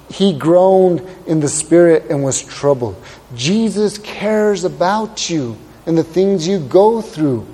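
A man's voice: on the high side, dark tone, in a large hall. A male pastor preaching a sermon and reading scripture, asking rhetorical questions and drawing out words for emphasis.

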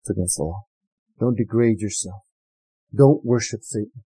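A pastor preaching a sermon in a conversational, emphatic way, with sudden high excited bursts. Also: male voice, normal speed, breathy edge, no echo.

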